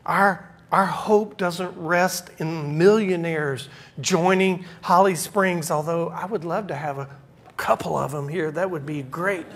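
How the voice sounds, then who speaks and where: Male pastor, preaching, emphatic with soft asides. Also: high-pitched. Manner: swings from loud emphatic preaching to quiet asides. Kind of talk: sermon.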